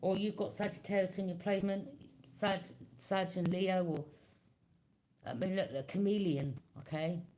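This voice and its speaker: A woman's voice: on the low side, fairly even intonation, moderate pace, darkish tone. A woman giving a tarot reading to her viewers, talking in a loose, conversational way, often checking in with "okay?" and acting out quoted reactions in her own voice. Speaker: tarot reader.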